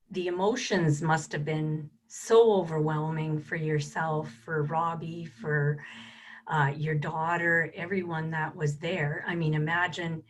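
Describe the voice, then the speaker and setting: A woman host conducting an interview, asking sympathetic, gentle questions. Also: sits low.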